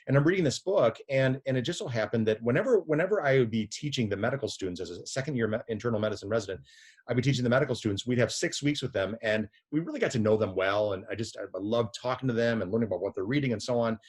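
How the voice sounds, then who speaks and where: Racing along in a mid-range voice with a breathy edge, a middle-aged man tells a rambling story as a guest in a relaxed interview. He works as a physician and editor, and he keeps restarting sentences and repeating himself.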